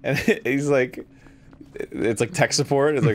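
A man's voice: mid-range voice, unhurried. A man co-hosting a casual gaming chat, giggly and playful as he retells a joke. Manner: giggly storyteller, retelling a prank call. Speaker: co-host. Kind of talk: casual chat while playing a game.

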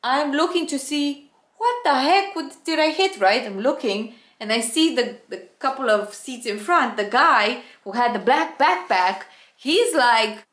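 A woman's voice: high-pitched, unhurried. A woman, a former flight attendant, animatedly telling a story to camera. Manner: animated, dramatic retelling with acted-out quotes. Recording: roomy echo with faint background music.

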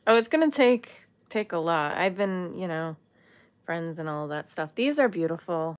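A woman's voice: fairly low pitch, lively intonation, moderate pace. A woman vlogger casually chatting through a jewelry haul, musing aloud and talking to the items. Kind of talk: casual unboxing chat.

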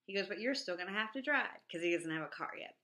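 A middle-aged woman chatting casually at home, animated, jumping into a high voice when she quotes people. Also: fast, roomy sound. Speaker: vlogger. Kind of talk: casual chat.

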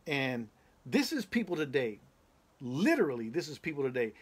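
A man's voice: medium pitch, big pitch swings, normal speed, slightly rough. A male pastor earnestly recounting a prophetic dream, talking emphatically and repeating himself for effect. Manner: emphatic, repetitive, building intensity. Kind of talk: preaching testimony of a prophetic dream.

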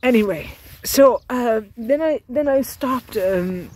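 A woman's voice: fairly high pitch, lively intonation, takes it slowly, very noisy. Rambling Irish woman on a roadside walk. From Ireland. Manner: rambling, many fillers and restarts, lightly tearful. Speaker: pilgrim vlogger. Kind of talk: casual spoken video diary. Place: outdoors by a road while walking.

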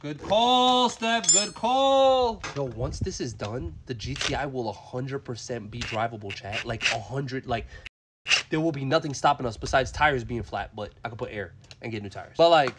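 A young man live-streaming while he works on a car, loud and excitable, swearing often and talking to his chat. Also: mid-range voice, moderate pace, background noise. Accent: Florida.

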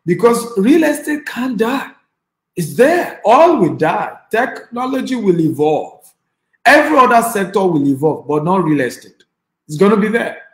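In a rough, echoey recording, a Nigerian-accented man runs an online class as a real estate investor and trainer. His voice is high and sing-song, and he speaks a little slowly. Emphatic and repetitive, he keeps urging listeners to type responses.

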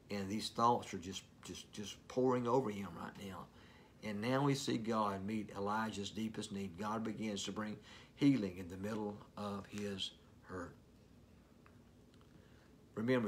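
A man preaching a sermon as pastor, reading scripture with rising force and dropping to soft, near-whispered lines. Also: on the low side, a little hiss or hum.

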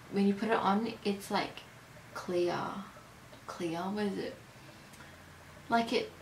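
Slow, chatty young woman in a roomy space. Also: mid-range voice, a little hiss or hum. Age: early 20s. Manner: chatty, rambling, unhurried with hesitations. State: tired. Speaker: beauty vlogger. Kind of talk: casual product review. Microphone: camera mic. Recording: roomy echo.

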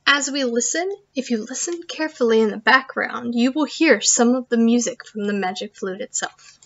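High-voiced woman teaching music to children. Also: normal speed, muffled recording. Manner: clear, expressive, addresses children. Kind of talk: recorded lesson and storybook reading.

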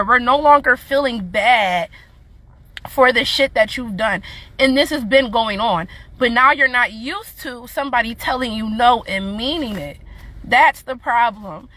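A woman's voice: fairly high pitch, bright, forceful tone, no echo. A young woman ranting angrily on a livestream, mocking and swearing with bursts of scornful laughter. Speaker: livestreamer responding to her child's father. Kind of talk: heated livestream rant.

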